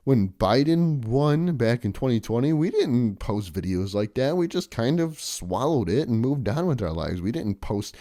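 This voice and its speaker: A man's voice: very animated, normal speed, few pauses, dark tone, dry recording, studio quality. A man vlogging in a casual, rambling monologue, chatty and sarcastic. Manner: chatty, sarcastic, mocks others in shrill impressions.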